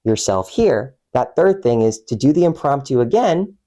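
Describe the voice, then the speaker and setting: A young man coaching viewers on public speaking in a measured, emphatic way, slowing down to stress key words. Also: medium pitch, very animated, mellow. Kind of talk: instructional talk to camera.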